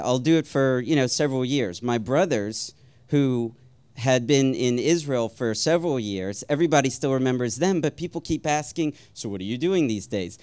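Smooth-voiced man telling a wry story. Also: mid-range voice. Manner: wry, self-deprecating, with soft chuckles; rambling, with frequent ums and uhs. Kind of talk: personal storytelling.

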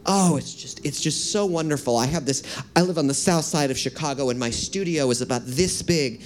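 A man's voice: fairly high pitch, fairly quick, slight background noise, natural voice. A man voicing a tall, dramatic young male artist who talks with eager, gushing delight.

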